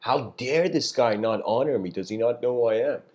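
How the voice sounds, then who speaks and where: A man's voice: mid-range voice, animated, a little fast, darkish tone, highs cut off, natural voice. A man voicing a proud, offended king in a spoken story. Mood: indignant.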